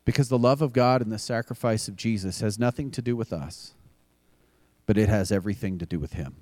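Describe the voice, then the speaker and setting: A man's voice: on the low side, fairly quick, a little mellow, no room sound. A man preaching a sermon as pastor, earnest and building to emphatic repeated refrains. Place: church.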